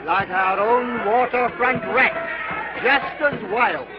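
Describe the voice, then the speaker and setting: A man's voice: very high voice, takes it slowly, over a noisy crowd. An actor playing a jaunty, teasing young man escorting his sweetheart at a carnival in a 1930s film. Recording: dull 1930s film soundtrack.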